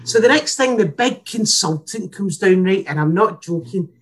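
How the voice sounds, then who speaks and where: A woman's voice: medium pitch, normal speed, husky. Sweary Scottish woman telling a story. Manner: sweary, blunt, animated. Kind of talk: casual comic storytelling.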